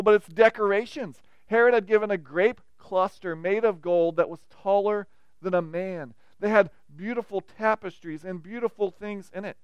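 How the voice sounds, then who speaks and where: A man preaching a sermon as pastor, animated and acting out the reactions of the people he quotes. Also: sits high, clear, resonant tone, dry recording.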